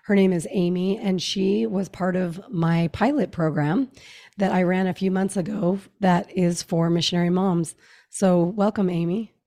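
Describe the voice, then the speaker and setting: Gravelly-voiced woman podcast host. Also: fairly low pitch, moderate pace. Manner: relaxed questioning, hesitant fillers. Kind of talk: casual interview.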